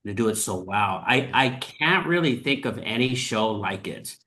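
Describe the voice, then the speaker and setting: A man hosting a podcast, talking in a thoughtful, earnest way with many pauses and fillers. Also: fairly low pitch, expressive, pushed and bright. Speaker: podcast host. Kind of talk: casual chat.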